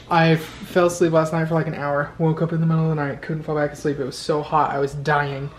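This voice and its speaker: A man's voice: on the high side, little pitch movement, normal speed, a little hiss or hum. A young man vlogging from bed at night, telling a story in a chatty, laughing way and quoting people in raised voices, into a handheld camera. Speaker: vlogger, teacher. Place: bedroom at night. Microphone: handheld camera held overhead.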